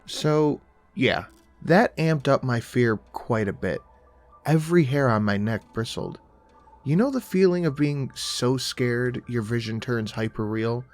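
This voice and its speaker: A man narrating a first-person horror story in a calm, conversational storytelling manner. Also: medium pitch, unhurried, soft background music.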